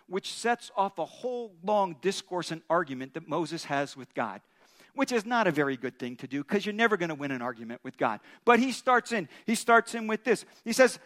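High-voiced male pastor telling a story. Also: moderate pace. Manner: animated storytelling with chuckles. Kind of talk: sermon.

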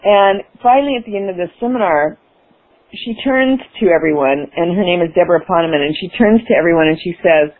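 A woman's voice: fairly low pitch, fairly quick. Enthusiastic woman telling a story on radio. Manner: enthusiastic, laughing, acts out her past self. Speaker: interview guest. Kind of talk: animated personal storytelling. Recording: phone-like radio broadcast.

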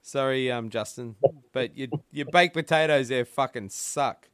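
A man's voice: mid-range voice, unhurried, a bit bright, smooth, no echo. Foul-mouthed ranting man. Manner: profane, ranting. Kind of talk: casual chat.

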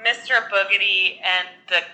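Bright, chatty woman discussing a movie. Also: mid-range voice, fairly even intonation, normal speed, poor audio. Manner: chatty, lots of "like", laughs often. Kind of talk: casual movie discussion chat.

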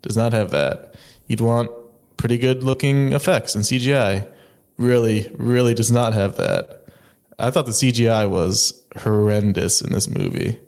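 A man's voice: medium pitch, measured pace, creaky, darkish tone. A man co-hosting a casual movie review chat, blunt and critical in his verdicts. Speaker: podcast co-host.

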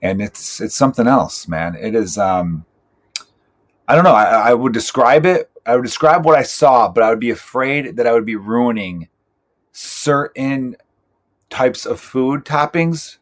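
A man's voice: medium pitch, a little slow. A man in his thirties, a stand-up comedian hosting his own podcast, rambling in a profane, self-mocking, joking way. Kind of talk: casual solo podcast monologue.

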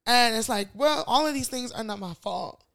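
A young woman from the US chatting as a podcast co-host. Her voice sits fairly high, and she talks in a loose, rambling way, full of fillers and restarts. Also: animated, moderate pace, a bit bright. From United States. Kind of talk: casual chat.

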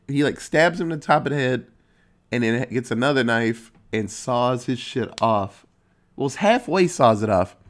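Man casually recapping a movie. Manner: profane, animated storytelling with sudden pitch jumps. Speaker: movie reviewer.

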